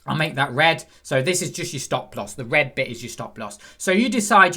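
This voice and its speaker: A trading instructor teaches forex over a screen-shared chart, chatting conversationally and quizzing the viewer. His voice is a little high, expressive, pushed, bright and husky, at a moderate pace. At times he acts out the inner voice of a frustrated trader.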